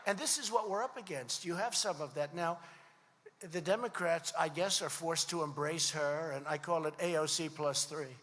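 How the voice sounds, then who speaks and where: A man's voice: a little high, moderate pace, a bit bright, a little hiss or hum. A man in his seventies giving a rambling, repetitive rally speech, telling stories in a conversational way. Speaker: political speaker at a rally. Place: large hall. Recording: long hall reverb.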